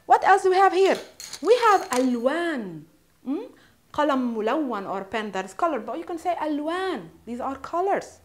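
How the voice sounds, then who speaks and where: A woman with a Palestinian Arabic accent, a native Arabic speaker, teaching Arabic vocabulary in a casual lesson, repeating words slowly and checking in with "hmm?" and "yeah?". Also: sits high, a little hiss or hum. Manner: shows objects while naming them.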